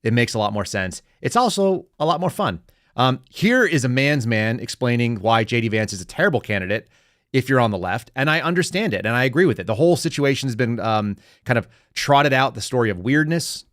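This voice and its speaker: A man's voice: medium pitch, animated, a bit bright, no echo. Opinionated male podcast host, dry sound. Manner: opinionated, joking, does quick mocking voices. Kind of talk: casual political commentary.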